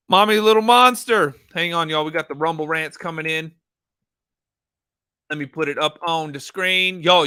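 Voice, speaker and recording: A man hosts a live true-crime stream, reacting to footage in an animated, swearing way and chatting with viewers. His voice sits high and sounds bright and forceful. The room sounds dry and close. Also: dry recording. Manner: animated, swearing, laughing asides to chat.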